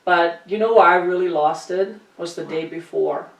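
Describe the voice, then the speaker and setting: A middle-aged woman from Germany hosting a casual chat, telling animated stories and laughing often. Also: lowish voice, normal speed, highs cut off. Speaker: podcast host. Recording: roomy echo, distant mic.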